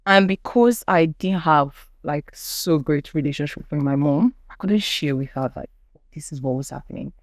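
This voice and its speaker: A woman's voice: deep voice, normal speed, dry recording. Young Nigerian woman, podcast guest, earnest testimony, dry close sound. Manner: earnest storytelling, acts out quoted people. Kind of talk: personal testimony in conversation.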